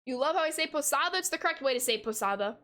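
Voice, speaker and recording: A woman's voice: high voice, lively intonation, very fast, sharp tone. Upbeat young woman calling game plays. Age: 20s. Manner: upbeat, greets viewers with casual "yo". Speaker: streamer and game commentator. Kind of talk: play-by-play commentary mixed with live chat replies.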